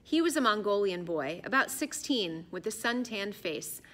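A woman narrating an adventure audiobook in an expressive, storytelling manner. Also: medium pitch, moderate pace. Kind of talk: scripted narration.

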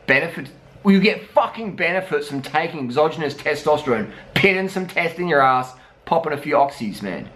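A man's voice: fairly high pitch, a bit bright. A man, a cycling vlogger, ranting bluntly with heavy swearing. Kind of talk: profane ranting commentary.

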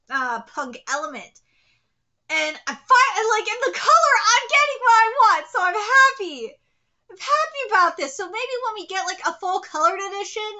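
A woman's voice: very high voice, pushed and bright. A woman streamer gushing and exclaiming as she reacts live to a manga chapter.

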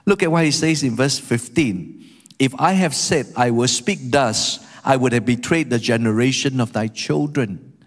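A man's voice: mid-range voice, moderate pace. A man, a guest pastor, preaching a sermon emphatically and asking the congregation rhetorical questions. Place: church sanctuary. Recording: reverberant church hall.

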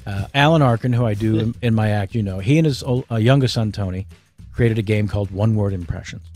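A comedian briskly explaining an impressions game. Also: male voice, fairly low pitch, a little mellow, soft background music. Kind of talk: talk show chat.

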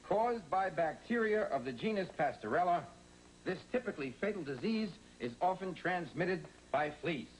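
A man's voice: sits high, expressive, normal speed, low-quality recording. An actor playing a level-headed middle-aged man in a studio sitcom, soothing and dryly joking. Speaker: sitcom lead, a calming friend. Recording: loud studio audience laughter and noise.

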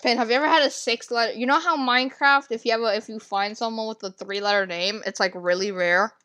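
A woman giving casual, excitable commentary while playing a game, gasping and rambling. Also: a little high, fast. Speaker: gaming video creator.

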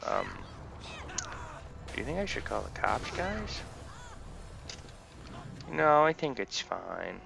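A man's voice: medium pitch, sing-song, slow pace, gravelly, pauses often. A young man giving casual gameplay commentary, goofing around and trash-talking game characters. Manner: goofy, playful trash talk to game characters. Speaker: let's play gamer. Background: game music and gunfire.

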